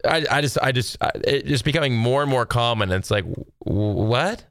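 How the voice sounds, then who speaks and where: A man's voice: mid-range voice, expressive, normal speed, a bit bright, no echo, studio quality. A man in his thirties, from Texas, talking casually to viewers from home in a rambling, exasperated rant full of fillers. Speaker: solo video host.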